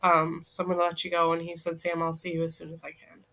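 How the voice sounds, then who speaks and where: A woman guest on a podcast, earnestly recounting a personal story and quoting the people in it, her voice dropping soft at the hard parts. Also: fairly low pitch, monotone, fast. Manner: earnest, relives events by quoting dialogue; emotional, voice drops soft at hard moments. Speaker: guest, co-author.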